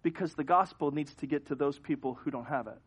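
A man preaching a sermon as pastor, telling a story with animated swings from hushed to loud. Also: fairly high pitch, brisk, breathy edge. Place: church sanctuary.

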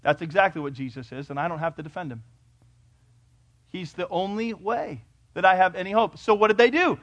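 A male pastor preaching a sermon to a congregation, emphatic, firing rhetorical questions and swinging from loud declarations to hushed points. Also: sits high, fairly quick, no echo. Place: church before a congregation.

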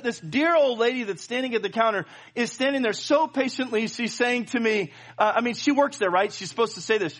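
A middle-aged man preaching, his voice sitting high for a man. He tells a personal story with lots of fillers, restarts and playful asides. He keeps pulling the congregation in with him. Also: a little fast, a bit bright. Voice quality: plenty of filler and restarts, jokey. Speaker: pastor. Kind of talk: sermon.

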